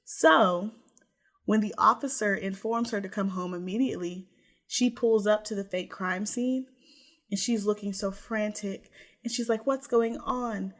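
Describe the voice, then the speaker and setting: Brief: female podcast co-host, lively true crime storytelling with playful asides. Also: medium pitch, a little slow.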